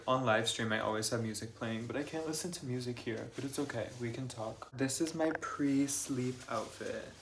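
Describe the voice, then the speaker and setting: A young man in his apartment, talking calmly and confessionally to camera in a soft, rambling way full of fillers. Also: medium pitch, a little hiss or hum. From United States. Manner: calm, soft-spoken, rambling with many fillers. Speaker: vlogger. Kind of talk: confessional vlog talk.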